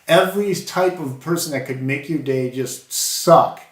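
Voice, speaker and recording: A man's voice: a little high, a little slow, reverberant. A man co-hosting a podcast, telling a story in earnest, casual faith-based chat. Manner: earnest storytelling, animated when quoting. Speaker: podcast co-host.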